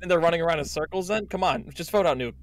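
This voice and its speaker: A man with a fairly high voice talks in casual game voice chat. He keeps pushing his accusations. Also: very fast. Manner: accusing, pushy. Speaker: game player.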